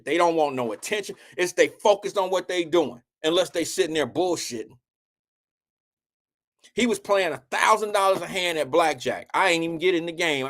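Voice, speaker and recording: Male host, high voice, casual storyteller, salty and animated delivery. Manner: loose, profane, animated storytelling with slang. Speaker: show host telling a story.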